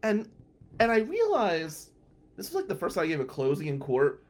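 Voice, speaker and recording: Animated man telling a story. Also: on the high side, moderate pace. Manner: animated, swings from hushed asides to loud outbursts. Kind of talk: first-person anecdote.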